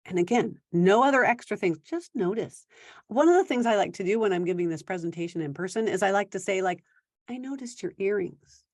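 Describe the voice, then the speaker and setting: A woman giving parenting advice in a conversational talk, now and then acting out quick quoted exchanges between parent and teen. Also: mid-range voice, no echo. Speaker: parenting coach.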